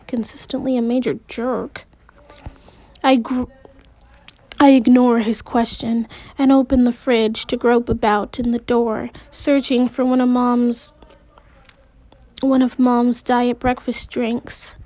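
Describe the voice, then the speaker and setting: A woman reading a novel aloud in the first person, unhurried, with occasional slips and restarts. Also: on the high side, fairly even intonation, dark tone, no echo. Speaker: amateur audiobook reader.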